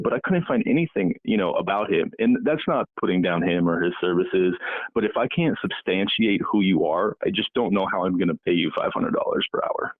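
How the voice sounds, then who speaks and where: Male agency-owner guest, deep, over a tinny call line, rambly with fillers. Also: lively intonation, a little fast, no room sound. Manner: talkative, many fillers and restarts. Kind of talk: casual conversational interview. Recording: tinny phone-like line, dry.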